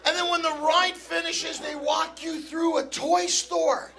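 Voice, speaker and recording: A man's voice: very high-pitched, little pitch movement, unhurried, vocal fry. A male stand-up comedian ranting in an exasperated, profane way on a club stage, with the audience laughing behind him. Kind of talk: stand-up routine. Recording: live club crowd and room noise.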